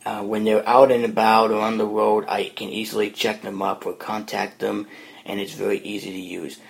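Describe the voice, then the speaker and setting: A man hosting a podcast, walking listeners through an app in a relaxed, plain explaining tone. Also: fairly low pitch, moderate pace, creaky. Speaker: podcast host demoing an app. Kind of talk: casual spoken app walkthrough.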